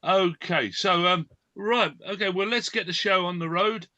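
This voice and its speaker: A man's voice: high voice, normal speed, sharp tone, no room sound, lo-fi sound. A man hosting an online event presentation, talking with lots of fillers and restarts. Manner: hesitant, many fillers and restarts. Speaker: host.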